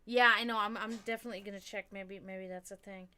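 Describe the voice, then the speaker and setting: A woman's voice: medium pitch, steady tone, fast talker, sharp tone. A woman hosting a livestream, chatting casually with her viewers in a rambling way, with lots of fillers and the occasional swear. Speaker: livestream host. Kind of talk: casual chat with stream viewers.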